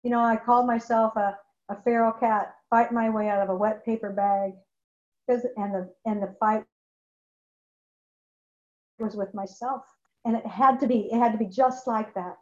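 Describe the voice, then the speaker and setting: A woman with a fairly high voice shares her recovery story candidly and emotionally, circling back on phrases for emphasis. The recording is dull and lo-fi, with a roomy echo around her. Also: steady tone, moderate pace, pauses often. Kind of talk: personal testimony talk. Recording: echoey, dull lo-fi room recording.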